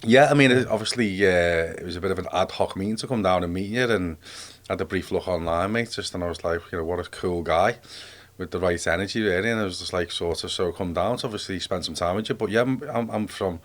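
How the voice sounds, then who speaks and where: Podcast guest: Scouse man, 40s, deep, rapid, rambling and chatty. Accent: Liverpool. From Liverpool, England. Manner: rambling, peppered with "mate" and "you know what I mean". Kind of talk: casual life-story chat.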